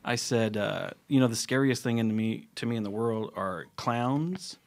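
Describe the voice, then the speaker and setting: A man's voice: mid-range voice, vocal fry. Man, Cincinnati accent, comedian, casual storytelling, rambling anecdotes, studio mic. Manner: rambling anecdotes with quick restarts. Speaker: podcast co-host, comedian. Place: podcast studio.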